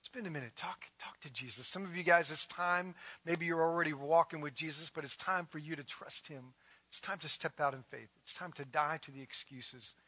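A middle-aged man preaching a sermon as a pastor, building to loud, emphatic declarations and then easing into a soft, guided prayer. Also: fairly high pitch, normal speed, breathy edge, no room sound.

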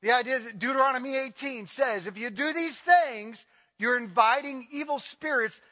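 Male pastor, sermon delivery, bright and forceful, big hall reverb, swings loud to hushed. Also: moderate pace. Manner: impassioned, swings from loud to low.

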